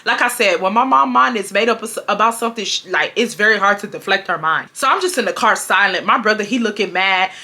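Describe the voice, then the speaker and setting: A woman, telling a casual storytime to her viewers in a chatty, animated way. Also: medium pitch, fairly quick, hardly any pauses. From Houston, Texas. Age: 20s.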